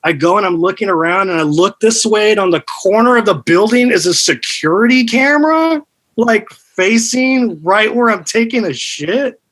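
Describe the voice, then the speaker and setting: A man in his thirties tells a crude tale in a loose podcast chat, peppering it with "dude". His voice sits high and rings bright and forceful. He stays animated throughout. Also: moderate pace, rough recording.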